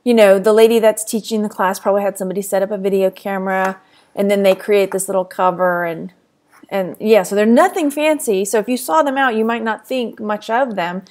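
A woman's voice: mid-range voice, fairly even intonation, fairly quick, a little mellow. A woman with a Texan accent chatting casually to camera as a reselling vlogger, rambling and laughing often, a little tired. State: tired, yawning.

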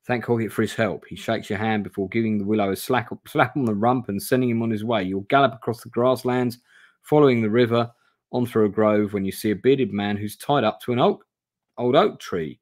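In a home room, a man with a fairly low voice streams a gamebook play-through on camera, talking briskly. He reads aloud casually, swears, and chats with viewers live.

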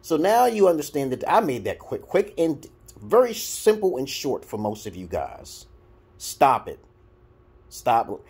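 A man's voice: a little high, normal speed, husky. A man from Brooklyn with a New York accent, talking bluntly and crudely to the camera in a casual rant of dating advice. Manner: blunt, crude, animated, swings between loud and muttered. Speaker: vlogger giving dating advice.

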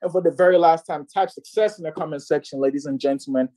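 High-voiced man giving a rallying sales pitch. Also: quick pace, mellow, no echo. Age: 20s. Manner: preachy, repetitive, rallying. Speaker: network marketing presenter. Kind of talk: motivational sales pitch on a group call.

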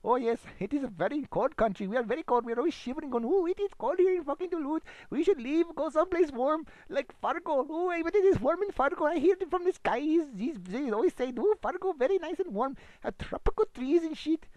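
A man's voice: very high voice, fast talker, few pauses, no echo. A man doing a bumbling broken-English radio DJ. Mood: rambling. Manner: broken English, exaggerated put-on foreign delivery; rambling, excitable, swings between loud bursts and mumbles. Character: bumbling foreign-sounding male radio DJ, rambling and crude. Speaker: comic radio host persona. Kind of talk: improvised comedy monologue. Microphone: home computer microphone.

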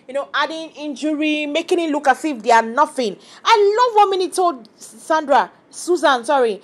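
Opinionated woman recapping reality TV. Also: high-pitched. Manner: chatty, opinionated, animated quoting of cast members. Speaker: reality TV commentator. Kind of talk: casual reaction vlog.

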